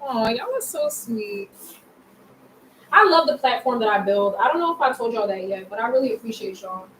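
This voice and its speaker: A young woman streams live from her bedroom, talking candidly and in slang with viewers while out of breath from making her bed. Her voice is fairly high and fast. The recording has room echo and faint noise.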